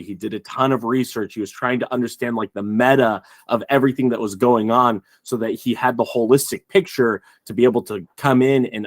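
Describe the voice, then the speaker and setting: A man co-hosting a film podcast, thinking aloud in a halting, casual way with frequent restarts. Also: on the low side, no echo, studio quality. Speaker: podcast co-host.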